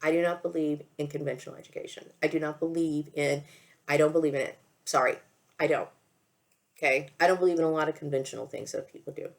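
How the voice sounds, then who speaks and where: A woman talking straight to camera in a halting, emotional monologue, repeating herself, stopping to say okay, and fighting back tears. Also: low-pitched, fairly even intonation. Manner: halting, repeats words, often says okay. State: tearful, emotional. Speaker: vlogger.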